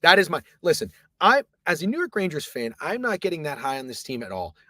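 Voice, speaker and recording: A man hosting a casual sports betting chat from an office booth, talking loosely and profanely, rambling, at times hushed and at times loud. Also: a little high, sing-song, quick pace, dry recording. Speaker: sports betting podcast host.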